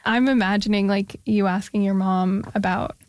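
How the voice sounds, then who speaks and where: A woman's voice: mid-range voice, fairly even intonation, normal speed, darkish tone, no echo. A woman interviewing a guest, encouraging and thoughtful as she asks her questions. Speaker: interviewer, host. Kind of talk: casual interview conversation.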